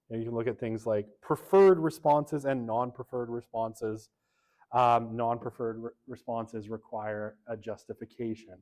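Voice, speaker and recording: A man's voice: medium pitch, darkish tone. A man lecturing a university class in a casual, chatty way, often checking in with "right?" and poking fun at his own habits. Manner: chatty, self-deprecating, fills with "right?" and "okay".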